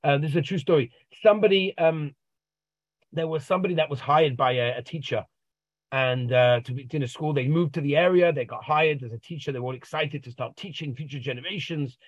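A man's voice: on the high side, fairly quick, no echo. Storytelling male coach on a video call. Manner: tells stories and acts out the dialogue. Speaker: life coach. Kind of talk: motivational storytelling. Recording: dull, dry video-call audio.

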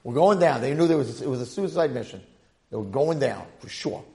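A man's voice: mid-range voice, lively intonation, a little fast, creaky, dark tone. A man giving an impassioned Torah lecture, dramatizing scenes and mixing in Hebrew and Yiddish terms. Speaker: Torah teacher.

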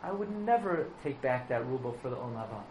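A man's voice: mid-range voice, very animated, fast talker, darkish tone, slight background noise, voice pushed down, lightly acted. Blunt, unyielding butcher, voiced by a male storyteller, roomy sound. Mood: stubborn. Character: stubborn small-town butcher, blunt and unyielding.

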